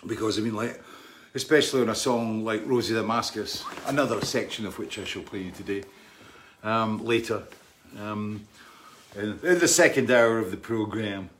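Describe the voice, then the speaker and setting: A man's voice: fairly low pitch, moderate pace, fairly bright tone, slight background noise. Rambling friendly male livestream host. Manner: rambling, friendly, reads out viewer names. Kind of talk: casual live-stream chat.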